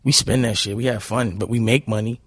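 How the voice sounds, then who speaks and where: A man's voice: on the low side, fairly even intonation, fairly quick, fairly bright tone, no echo. A man, telling stories bluntly and heatedly in a casual interview. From Harlem, New York. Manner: blunt, heated, repeats "you know what I'm saying". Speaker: guest.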